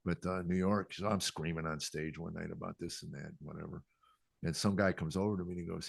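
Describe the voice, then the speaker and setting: A man's voice: low-pitched, fairly even intonation, fairly quick, creaky, breathy edge, no room sound. An older man, a comedian, telling self-deprecating stories in a podcast interview. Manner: self-deprecating, quotes people in acted voices. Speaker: comedian guest.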